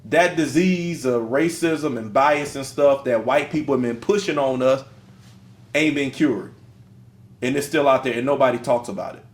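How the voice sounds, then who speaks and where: A man's voice: mid-range voice, normal speed. A middle-aged man co-hosting a podcast, telling stories in a casual, slangy and emphatic way. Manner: animated storyteller, slangy and emphatic. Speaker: podcast co-host. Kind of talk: casual conversation. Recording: roomy echo.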